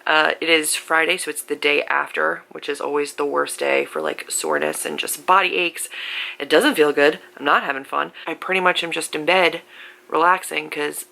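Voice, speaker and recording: A woman's voice: sits low, fairly even intonation, moderate pace, gravelly, sharp tone, poor audio. A woman vlogger chatting casually and emphatically about a book she is rereading, sore and resting in bed. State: sore after an accident. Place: in bed at home.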